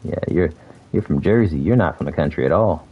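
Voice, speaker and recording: Very low-voiced laid-back young man. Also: animated, brisk, slightly rough, highs cut off. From South Florida. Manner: laid-back, laughs often, says "bro" a lot. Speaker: game streamer. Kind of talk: casual chat while gaming.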